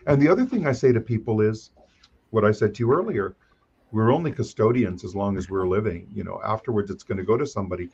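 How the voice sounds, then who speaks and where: A man working as an auctioneer, talking in a chatty, animated way in an interview. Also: on the low side, fast talker, breathy edge. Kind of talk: conversational interview. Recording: dull lo-fi sound.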